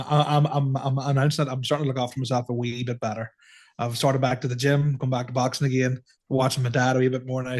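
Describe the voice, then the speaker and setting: A man in his thirties co-hosting a podcast, rambling and self-mocking, laughing often in casual chat. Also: mid-range voice. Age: 30s. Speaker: podcast co-host.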